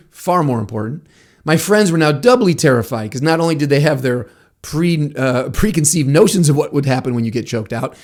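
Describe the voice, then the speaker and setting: A man hosting a podcast, telling a personal story in a casual, animated way, laughing often and acting out what people said. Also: a little high. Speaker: podcast host, martial arts instructor.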